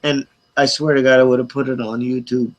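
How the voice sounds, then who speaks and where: A middle-aged man on an open group call, casually telling a long, profane, animated story with quoted voices. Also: medium pitch, fairly quick, lo-fi sound. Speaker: hangout participant.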